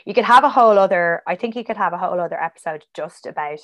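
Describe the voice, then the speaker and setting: A woman's voice: lowish voice, quick pace. A woman guest on a casual podcast, chatty and rambling, full of "like" and side tangents.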